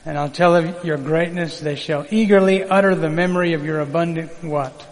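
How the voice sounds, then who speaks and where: A man's voice: fairly high pitch, normal speed, in a large hall, rough recording. A man preaching a sermon in a folksy, conversational way, calling on the congregation to repeat words back. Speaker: pastor.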